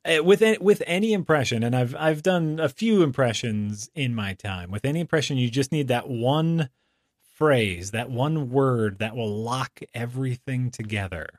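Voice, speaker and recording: A man's voice: mid-range voice, expressive, moderate pace, dry recording. Chatty, hesitant man, dry close mic. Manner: chatty, hesitant, laughs easily. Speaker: podcast co-host. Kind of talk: casual chat.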